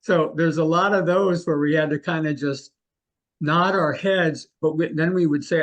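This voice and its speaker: Older male guest, slightly higher voice, animated storyteller who mimics others. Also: moderate pace. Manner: animated, acts out the people he quotes. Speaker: guest, mentalist. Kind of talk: anecdotal storytelling in an interview.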